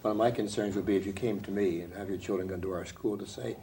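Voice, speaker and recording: Deep-voiced, quick-talking male pastor. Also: fairly even intonation, mellow, slight background noise. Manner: probing questions, slightly halting. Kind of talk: studio panel discussion.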